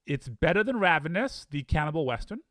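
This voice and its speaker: A man cheerfully rambles through his ranked list of films, asking himself out loud which title beats which. His slightly high, a bit bright voice swings widely in pitch, very animated and fairly quick. The sound is close and dry, with no room around it.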